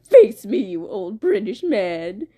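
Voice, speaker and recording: A woman's voice: medium pitch, big pitch swings, slow pace. A woman doing Blood Moon, a petty whiny male villain. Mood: taunting. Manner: loud, scornful insults.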